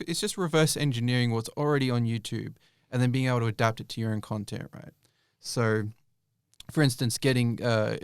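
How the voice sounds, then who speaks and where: A man's voice: medium pitch, gravelly, clean tone, no room sound, studio quality. A young man answering interview questions casually, rambling with many fillers and restarts. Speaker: YouTube creator guest.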